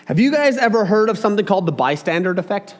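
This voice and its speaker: A man's voice: high-pitched, fast talker. A man preaching a casual, chatty sermon, talking straight to his congregation with asides and questions. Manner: chatty and animated, talks to the audience with asides.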